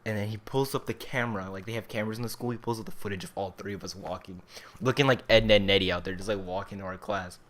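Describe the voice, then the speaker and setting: Young man, low voice, casual storytime vlog, rambling, fillers. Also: steady tone, fast, fairly bright tone. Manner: rambling, filler-heavy "like" delivery. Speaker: vlogger.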